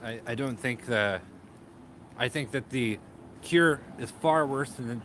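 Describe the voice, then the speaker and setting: A man's voice: mid-range voice, unhurried. A man co-hosting a walking livestream outdoors on a cold street, giving emphatic, indignant political commentary. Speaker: co-host. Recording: outdoor recording with clear traffic noise. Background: clear street and traffic noise.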